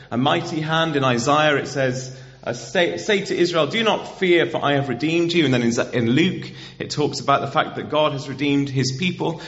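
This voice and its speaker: A man's voice: medium pitch, fairly bright tone. A man preaching a conversational sermon in a church, getting the congregation to repeat words back to him. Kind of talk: interactive sermon. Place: church hall. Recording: dull, muffled church recording.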